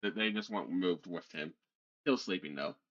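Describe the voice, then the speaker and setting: A man narrating a tabletop session as game master, setting scenes and slipping into characters. His voice sits a little low but has a bright, forceful edge. The audio is dull and lo-fi. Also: moderate pace.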